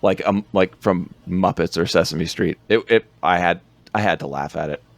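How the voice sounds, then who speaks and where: Low-voiced man recapping a movie. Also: gravelly, no room sound. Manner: rambling, laughs often, quick bursts. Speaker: podcast co-host recapping a film. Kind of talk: casual chat.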